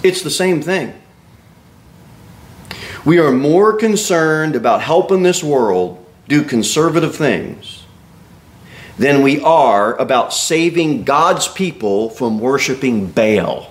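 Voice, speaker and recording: A man's voice: medium pitch, animated, slow. A man preaching an expository sermon as a pastor, reading scripture aloud and acting out the Bible figures' words with emphatic exclamations.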